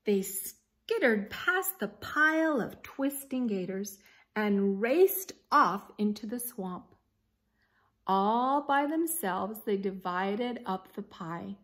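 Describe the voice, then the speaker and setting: A woman reading a children's picture book aloud as a teacher, expressive and pausing to ask her young listeners questions. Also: medium pitch. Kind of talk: children's story read-aloud.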